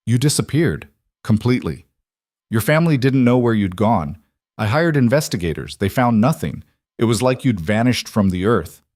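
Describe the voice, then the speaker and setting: A man voicing a weary young duke who speaks in a careful, measured way. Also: medium pitch, very animated, darkish tone, no room sound, clean studio sound, natural voice. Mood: stunned. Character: weary young duke, composed but shaken.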